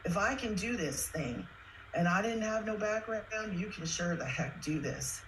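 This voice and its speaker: An earnest woman tells her own story in a chatty, heartfelt way. Her voice sits at an ordinary middle pitch, and she sometimes comes close to tears. A faint hiss of background noise sits behind her. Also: measured pace. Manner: earnest, tearful at times, excited, chatty. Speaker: guest sharing her story. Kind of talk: emotional personal testimony.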